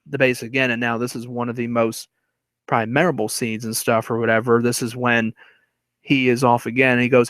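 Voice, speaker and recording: A man retells a film's plot in a loose, rambling way, full of fillers and small chuckles. His voice sits at an ordinary middle pitch. The recording is dry and close. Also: fairly even intonation, brisk, fairly bright tone, no room sound. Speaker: movie reviewer.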